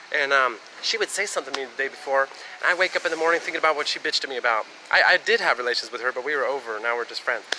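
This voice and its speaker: A man's voice: on the high side, sharp tone, a little hiss or hum, poor audio. A man from the United States talking on a live stream in a rambling, casual monologue that jumps between topics and swears freely.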